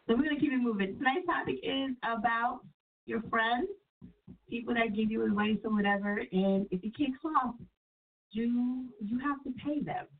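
Chatty woman radio host, sick. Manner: chatty, loose and profane, with sudden high-pitched quoted voices. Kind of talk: casual call-in radio talk. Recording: distant, phone-like radio audio.

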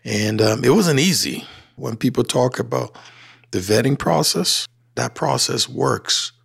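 Gravelly Liberian man telling his story. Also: medium pitch, measured pace. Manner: animated storyteller who acts out quoted dialogue. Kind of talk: personal storytelling. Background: faint music.

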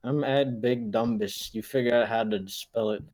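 Young man making short deadpan quips. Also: mid-range voice, normal speed. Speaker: podcast co-host. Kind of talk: casual chat.

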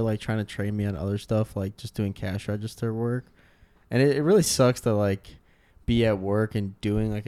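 A man's voice: lowish voice, warm tone, dry recording. Rambling young man telling work stories. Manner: rambling storyteller, lots of "like". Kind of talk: casual chat.

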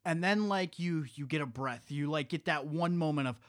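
Young male co-host, high pitch, dry booth sound, loose profane storyteller. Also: moderate pace, no room sound. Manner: rambling, profane, restarts a lot while storytelling. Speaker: podcast co-host. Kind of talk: casual chat retelling a horror movie.

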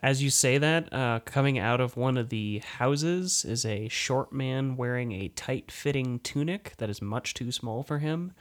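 A man's voice: mid-range voice, measured pace, hardly any pauses. Casual male game master, mid-range voice, loose and chatty, swears freely. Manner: casual, swears, laughs often. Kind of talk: narrating a tabletop game.

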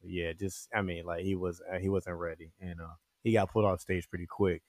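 Rambling comedian with a dry, close sound. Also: male voice, low-pitched, level tone, a little fast, a little mellow, no echo. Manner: rambling, many fillers and restarts. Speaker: guest comedian. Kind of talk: casual interview chat.

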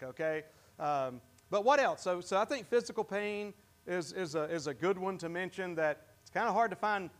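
High-voiced pastor quizzing his congregation. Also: fairly bright tone. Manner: conversational, asks the congregation questions; halting, with many restarts. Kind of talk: interactive sermon. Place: church.

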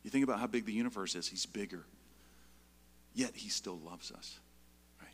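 A middle-aged man preaching a sermon, telling a personal story in a conversational way and often checking in with the listeners with a quick "right?". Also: fairly low pitch, big-room sound, slight background noise. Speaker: pastor.

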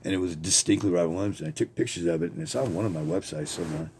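Rambling gravelly-voiced man telling stories. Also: sits low, very animated, racing, a little mellow, slight background noise. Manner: rambling, profane, laughs often. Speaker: podcast host. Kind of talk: rambling personal storytelling.

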